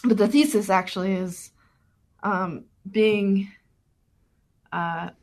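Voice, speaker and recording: A woman's voice: medium pitch, fairly even intonation, takes it slowly, a little mellow. A woman documentary filmmaker being interviewed on radio, talking thoughtfully with many fillers and restarts.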